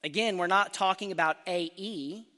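A man preaching a sermon to a congregation, earnest and emphatic, slowing down to stress key phrases. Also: sits high, pushed and bright. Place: church sanctuary. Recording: church hall reverb.

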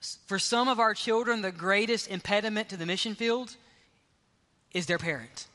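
Man, pastor preaching, high bright voice, emphatic, long hall reverb. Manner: emphatic preacher, slows down for key phrases. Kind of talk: sermon.

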